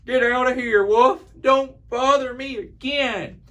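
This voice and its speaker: A man voicing a rude, bossy little male pig who shouts at his visitor. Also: extremely high pitch, fairly even intonation, slow, pitched above the performer's own voice, heavily acted.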